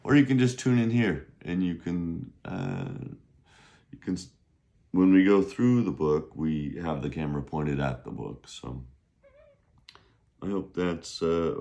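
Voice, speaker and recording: A man's voice: low-pitched, a little mellow. A middle-aged man teaching a casual video lesson on Chinese, chatty and rambling, often checking in with "right?".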